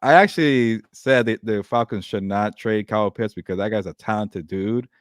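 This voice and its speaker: A man co-hosting a sports podcast, giving a quick, casual analysis of a game. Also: on the low side, no room sound, clean studio sound.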